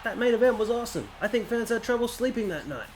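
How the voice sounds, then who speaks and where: A man putting on a Southern US accent to voice a folksy male wrestling announcer with a booming, excited delivery. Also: fast talker, soft background music. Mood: hyped.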